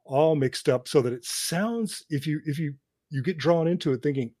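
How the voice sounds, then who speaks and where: A man's voice: on the high side, moderate pace, dark tone, no echo, clean studio sound. A man who teaches cinema, chatting on a podcast and telling film history like a lecturer, laughing between his points. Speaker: podcast co-host; cinema professor. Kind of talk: casual chat.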